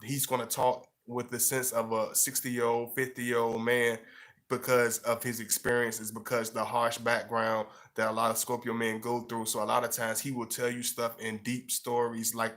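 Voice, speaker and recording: A man's voice: mid-range voice, completely flat delivery, moderate pace, a bit bright. A man giving casual relationship advice to camera, rambling with lots of fillers and repeats. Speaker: relationship and astrology advice vlogger.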